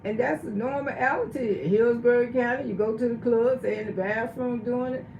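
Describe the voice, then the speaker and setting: A woman's voice: on the high side, normal speed, lo-fi sound, a little hiss or hum. Chatty woman in an echoey room. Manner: blunt, chatty, asks the audience questions. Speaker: livestream host. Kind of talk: casual storytelling livestream.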